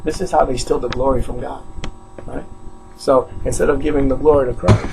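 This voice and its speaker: In his apartment, a Haitian preacher rants at the camera in an aggrieved, repetitive way that frequently swells into outbursts. He talks briskly in a gravelly, medium-pitched voice with fairly even intonation. Background noise is audible.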